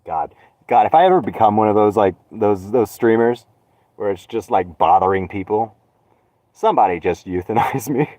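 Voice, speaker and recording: A young man rambling on a solo live stream from his van, sarcastic and swearing, with dark jokes. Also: on the low side, expressive, normal speed, no echo. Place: inside a van. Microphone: phone.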